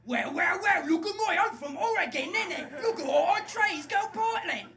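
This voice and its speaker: A man playing a smug out-of-towner in a mock posh accent, loud and gloating. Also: extremely high pitch, expressive, moderate pace, voice pushed up. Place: comedy club stage. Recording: loud live club crowd and noise.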